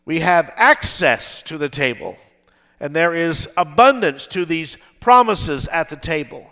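A man's voice: fairly high pitch, expressive, a little slow, a bit bright. An older man preaching a sermon to his congregation, with emphatic delivery, often asking them to respond. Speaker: pastor. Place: church with balcony.

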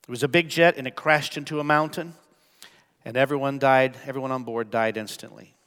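A male pastor preaching a sermon, swinging from hushed, quiet passages to loud, emphatic calls. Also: medium pitch, steady tone, brisk, clean tone. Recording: long church reverb with soft music.

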